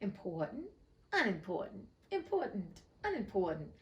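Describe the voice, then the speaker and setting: A woman's voice: a little high, lively intonation, moderate pace, fairly bright tone, far from the mic, dull audio. A woman reading the part of a grave, pompous male king presiding over a trial, with solemn, emphatic pronouncements. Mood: flustered.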